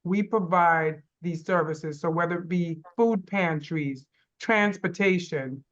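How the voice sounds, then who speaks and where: A woman's voice: lowish voice, slow pace, lo-fi sound. A woman on a panel explaining the healthcare services her organization provides, listing them point by point. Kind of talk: panel discussion answer.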